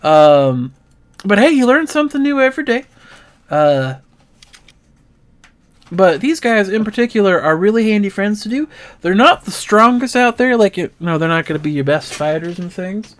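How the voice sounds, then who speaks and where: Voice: mid-range voice, very animated, normal speed, pitched above the performer's own voice, natural voice. A game master voicing a cheerful, folksy female creature who runs the stables and talks in a country drawl. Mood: chatty. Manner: drawling country talk, affectionate. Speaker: stable keeper.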